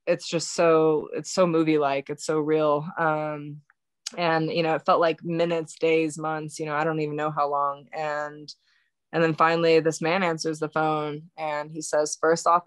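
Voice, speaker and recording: A woman telling a painful personal story as a podcast guest, halting and full of fillers and restarts, still in shock. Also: deep voice, dry recording. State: recounting shock and grief. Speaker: birth worker.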